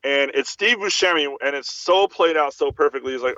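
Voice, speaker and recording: A man co-hosting a podcast, retelling film scenes in a lively way, acting out the lines and swearing freely. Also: a little high, a little fast, dry recording, muffled recording. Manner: animated storytelling, acts out quotes, swears freely. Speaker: podcast co-host. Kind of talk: casual chat.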